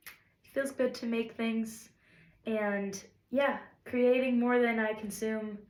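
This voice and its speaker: A woman's voice: fairly high pitch, fairly even intonation, takes it slowly, darkish tone. Encouraging woman in an echoey room. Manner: rambling, encouraging, self-deprecating. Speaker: songwriter vlogger. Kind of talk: casual reflective talk to camera.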